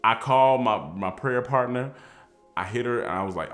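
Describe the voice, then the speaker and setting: A man telling a personal story in a casual, animated way, acting out the people in it. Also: medium pitch, fairly quick, soft background music. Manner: animated, excitable storytelling with voiced quotes.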